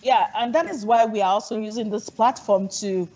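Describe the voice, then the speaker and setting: A woman's voice: medium pitch, brisk, darkish tone, a little hiss or hum. A woman hosting a talk show, affirming and steering the conversation. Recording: dull lo-fi sound.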